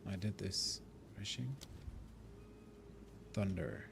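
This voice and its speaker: A man's voice: mid-range voice, unhurried, background noise. Man streaming a game. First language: German. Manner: chatty, rambling, thinking aloud. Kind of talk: casual live-stream chat while gaming. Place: living in India.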